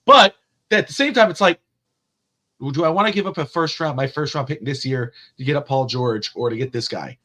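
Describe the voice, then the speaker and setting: A man with a somewhat high voice talks sports on a podcast in a relaxed, chatty register. He tells stories with energy and swears a lot, jumping from one idea to the next. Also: brisk. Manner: animated, profane storyteller. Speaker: podcast co-host. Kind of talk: casual sports chat.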